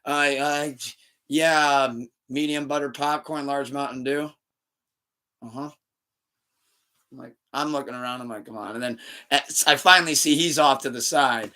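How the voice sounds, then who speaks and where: A man hosting a podcast, telling a story in a casual, animated way, laughing and switching between loud bursts and muttered asides. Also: mid-range voice, moderate pace, smooth. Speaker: podcast host.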